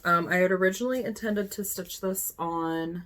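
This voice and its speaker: A woman's voice: fairly low pitch, normal speed, fairly bright tone, a little hiss or hum. A woman, chatting casually to her phone camera while showing cross-stitch projects, often correcting herself. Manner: chatty, self-correcting, talks to herself while handling items. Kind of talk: casual show-and-tell chat.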